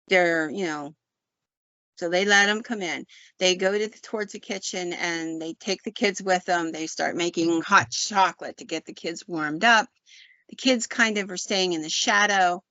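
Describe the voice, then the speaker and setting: A woman's voice: fairly low pitch, pushed and bright, no room sound. A woman podcast host casually retelling an eerie story, chatty and loose, with plenty of "um" and "like.". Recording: dull, dry lo-fi sound.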